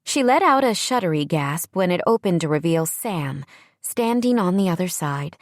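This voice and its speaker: Low-voiced woman audiobook narrator. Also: animated, normal speed, dry recording, studio quality. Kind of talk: scripted narration. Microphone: studio microphone, close.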